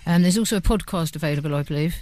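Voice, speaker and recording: A woman's voice: low-pitched, very fast, warm tone. A woman bandleader chatting on a radio show as a guest, joking along with the host. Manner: chatty, good-humoured, joking back. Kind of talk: casual radio interview.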